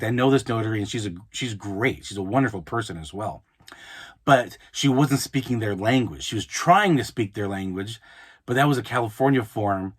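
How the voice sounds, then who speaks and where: A man hosting an advice podcast, talking casually and often restarting his sentences. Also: medium pitch. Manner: conversational, frequent restarts and repeated words. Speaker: podcast host, mobile notary. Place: Utah, United States.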